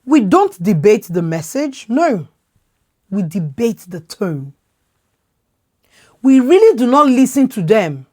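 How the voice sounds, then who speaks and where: Emphatic Nigerian woman, lively pitch. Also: slow, pauses often. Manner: emphatic, repeats words when worked up; loud, expressive way of talking. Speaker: podcast host. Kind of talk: impassioned opinion talk.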